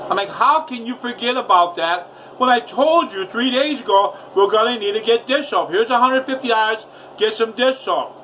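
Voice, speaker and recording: A man's voice: extremely high pitch, moderate pace, recorded from a distance, slight background noise, poor audio. A man telling a rambling, profane story in his home kitchen while cooking. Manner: profane, loud ranting storyteller.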